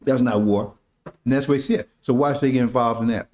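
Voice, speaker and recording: A man's voice: mid-range voice, fairly quick, darkish tone. A man preaching informally to his followers, talking emphatically in casual street slang and often asking "See?". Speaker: religious teacher.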